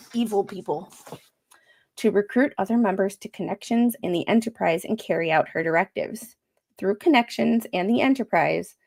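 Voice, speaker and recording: A woman's voice: lowish voice, darkish tone. A woman hosting a casual livestream, reading a court filing aloud with sarcastic asides and frequent fillers. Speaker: livestream host.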